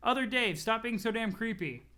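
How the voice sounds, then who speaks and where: A streamer reading a web comic aloud and cutting in with excited asides. The voice sounds bright and forceful. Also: medium pitch, moderate pace, clean tone. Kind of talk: live reading commentary.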